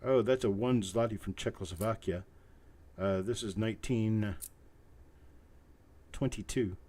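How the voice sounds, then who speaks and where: Fairly low in pitch and darkish in tone, a man chants bid calls over and over while hosting a live coin auction. He works from a cluttered home room, calling rapidly and repetitively and slipping casual asides between bids.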